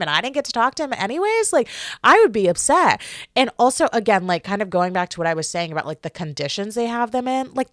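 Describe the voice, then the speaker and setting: A woman in her twenties hosts a casual solo podcast in a mid-pitched voice. She talks in a chatty, animated way, with many fillers. The recording is dry, with no room sound. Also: no echo. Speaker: podcast host.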